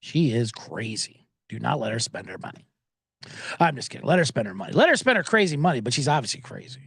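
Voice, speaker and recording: A man's voice: medium pitch, very animated, fast, creaky, a bit bright, slightly rough, no room sound, studio quality. A man hosting a sports betting podcast, riffing sarcastically and profanely while reading viewer comments aloud.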